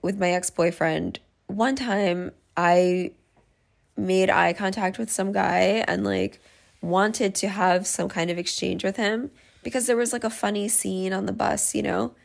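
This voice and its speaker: A woman's voice: medium pitch, a little slow, gravelly. A woman hosting a solo podcast, talking frankly and mocking herself as she thinks things through aloud. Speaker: podcast host. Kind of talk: candid solo podcast monologue.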